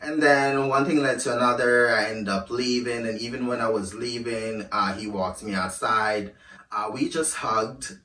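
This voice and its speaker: Man, casual storytime chat, bright forceful voice, blunt and profane, echoey room, a bit off-mic. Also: medium pitch, recorded from a distance. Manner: animated, blunt, swears freely.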